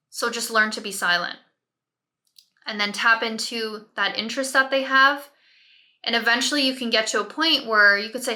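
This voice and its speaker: A woman parent coach giving direct, step-by-step advice, often checking in with a quick "right?". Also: on the high side, pushed and bright. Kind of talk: advice talk to camera.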